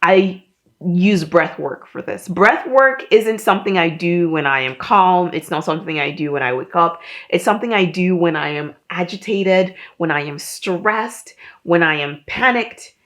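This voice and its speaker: Woman, 30s, low voice; friendly fitness host, casual and instructive to camera. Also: animated, moderate pace, fairly bright tone. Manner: chatty, self-deprecating, instructive.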